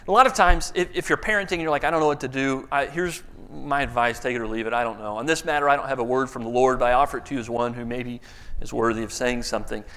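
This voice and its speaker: A man's voice: mid-range voice, fairly even intonation, fast, pushed and bright, in a large hall. A middle-aged man preaching a conversational sermon, telling stories and acting out voices along the way. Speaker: pastor.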